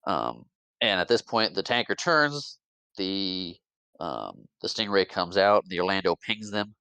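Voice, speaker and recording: A man on a podcast giving an animated, casual recap of a movie plot, jumping into quick character voices between fillers and restarts. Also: deep voice, creaky, smooth, dry recording. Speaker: podcast co-host.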